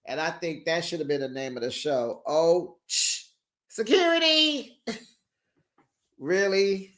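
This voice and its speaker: A woman's voice: low-pitched, animated, measured pace. A woman hosting a casual recap show, chatty and sassy, laughing often and acting out quotes. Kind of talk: casual reality-TV recap chat.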